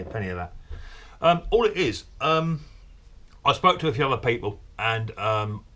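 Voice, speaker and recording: Bloke, bright voice, bouncy pitch, chatty and a bit flustered on the phone. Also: male voice, slight background noise. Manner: chatty, stammering, defensive. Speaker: mower repair channel host. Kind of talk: comic phone-call skit.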